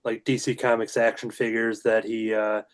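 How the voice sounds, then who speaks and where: A man's voice: lowish voice, level tone, moderate pace. A man chatting as a guest on a casual talk show over a video call, telling stories in a rambling way with many fillers and restarts. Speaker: guest comic creator. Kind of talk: casual chat.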